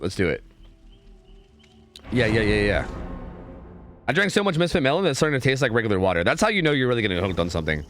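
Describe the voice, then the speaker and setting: A man casting game scrims on a live stream in a casual, chatty way, often repeating words in quick bursts. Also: lowish voice, fairly bright tone.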